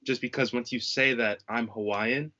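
A man's voice: medium pitch, fairly even intonation, moderate pace, sharp tone, highs cut off. A young man talking earnestly and reflectively in a casual conversation, searching for his words. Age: young adult.

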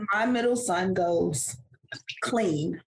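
A woman, casually telling a family story as a podcast co-host, animated and laughing often. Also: fairly high pitch, measured pace. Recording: echoey room.

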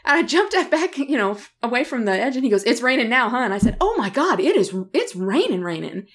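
Brief: middle-aged woman podcast co-host, animated chatty storyteller, laughs a lot. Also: fairly high pitch, fast talker. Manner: animated storyteller who laughs often and acts out quotes. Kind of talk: casual podcast chat.

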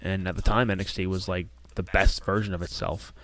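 A male podcast co-host with a somewhat low voice, chatting casually. He rambles with animation, doubling back and restarting as he goes. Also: flat delivery, a little fast, a bit bright, dry recording.

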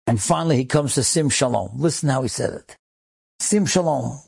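Man, rabbi storyteller, gravelly voice, breathy husky edge, emotive. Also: mid-range voice, fast talker, a little mellow. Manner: emotive, builds to rising intensity. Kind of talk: inspirational storytelling.

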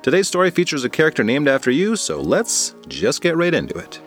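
A man's voice: on the high side, very animated, a little fast, music in the background. A man narrating a goofy children's story in a playful, comic manner. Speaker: podcast storyteller.

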